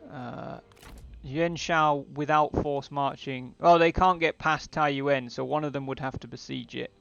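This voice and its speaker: A man's voice: a little high, fairly even intonation, unhurried, creaky, fairly bright tone, smooth, muffled recording. A man on a live game stream, casually thinking aloud about his moves.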